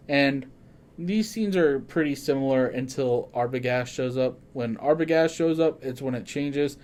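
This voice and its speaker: A man hosting a casual horror podcast. He talks in an excitable way, swears freely and often corrects himself mid-sentence. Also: mid-range voice, measured pace. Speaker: podcast host.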